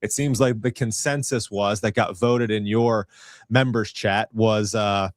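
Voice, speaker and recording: A man's voice: on the low side, steady tone, measured pace, no room sound, studio quality. A man from Virginia hosting a podcast interview in a casual, chatty way, laughing often and restarting his sentences. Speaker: podcast host.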